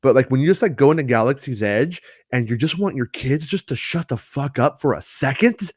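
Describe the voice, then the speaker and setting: A man's voice: medium pitch, expressive, brisk, no room sound, clean studio sound. A man co-hosting a podcast, talking in a rambling, jokey way and often restarting his sentences. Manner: rambling, self-interrupting, jokey. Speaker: podcast co-host. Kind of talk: casual podcast banter.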